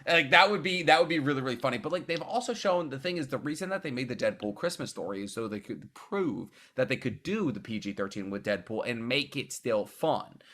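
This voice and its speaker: A young man co-hosting a podcast over a video call, animated and quick to joke and argue. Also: medium pitch. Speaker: podcast co-host. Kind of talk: casual chat.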